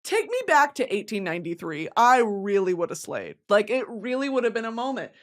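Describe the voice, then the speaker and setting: A young woman from the American South talks into her vlog in a loose, giggly ramble full of slang and swearing. Her pitch swoops up and down all the time. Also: a little fast. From Southern United States. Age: 20s. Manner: animated, giggly, slangy and profane. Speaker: vlogger. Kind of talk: casual rambling monologue.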